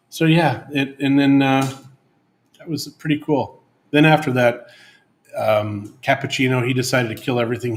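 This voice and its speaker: A man co-hosting a casual live-stream chat, telling stories and acting out his dog in goofy voices. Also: medium pitch. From living in Mexico. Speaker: co-host.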